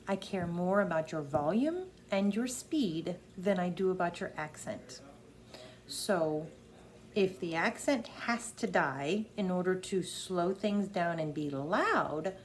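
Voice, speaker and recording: Brief: a drama teacher, a woman, stressing each point as she coaches an actor. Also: fairly low pitch. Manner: emphatic, repeats key points.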